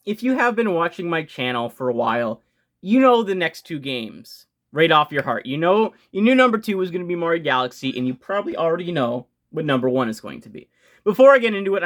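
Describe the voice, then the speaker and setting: A young man hosting a casual video game ranking vlog, talking fast and excitedly, gushing and swearing casually with frequent restarts. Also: a little high. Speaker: video game channel host.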